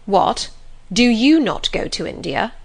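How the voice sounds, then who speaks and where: A woman reading the lines of a stern, cold young male clergyman in a grave, measured, reproving manner. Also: mid-range voice, big pitch swings, gravelly, breathy edge, heavily acted. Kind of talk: audiobook reading.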